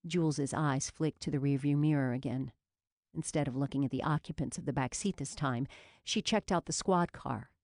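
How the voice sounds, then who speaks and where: A woman reading an audiobook in a steady, measured narration. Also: very deep voice, no room sound, studio quality.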